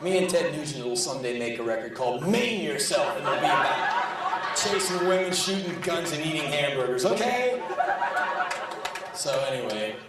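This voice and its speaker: A man's voice: a little high, sing-song, moderate pace, over a noisy crowd. A man performing a profane, sardonic spoken word story on stage. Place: large live venue. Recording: echoey live hall, distant, audience laughing.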